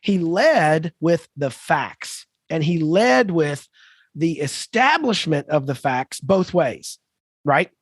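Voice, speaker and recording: Brief: fifties man, podcast co-host, animated storyteller, higher voice, dry close sound. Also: takes it slowly, breathy edge, no echo. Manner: animated, lively anecdote-telling with emphatic asides. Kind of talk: conversational storytelling.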